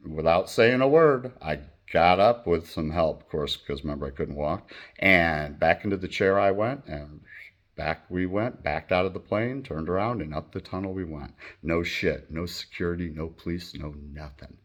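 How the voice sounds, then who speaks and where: Brief: middle-aged man, low voice, blunt profane rambling storyteller. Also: unhurried, pauses often. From Michigan, United States. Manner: profane, blunt and animated, acting out quoted voices. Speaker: channel host telling a personal story.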